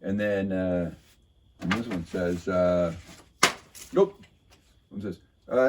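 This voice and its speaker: A man's voice: low-pitched, takes it slowly, pauses often, a little mellow, a little hiss or hum. A man casually recapping a local council meeting in a sarcastic, rambling way, full of fillers and restarts.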